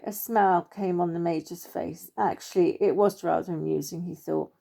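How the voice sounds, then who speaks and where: A woman narrating a children's story in a gentle, expressive read-aloud manner. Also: on the low side, normal speed, vocal fry.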